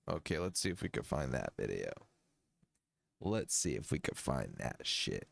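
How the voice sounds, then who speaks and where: A man hosting a livestream music review, talking casually, joking and swearing as he thinks out loud. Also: a bass voice, big pitch swings, moderate pace, gravelly, dry recording. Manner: profane, jokey, thinks aloud.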